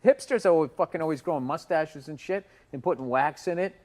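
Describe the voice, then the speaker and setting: A man in his fifties co-hosting a casual comedy podcast, ranting loudly and profanely and acting out the people in his stories. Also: fairly high pitch, fast. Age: 50s. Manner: ranting, loud, profane, acts out other people's voices. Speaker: podcast co-host.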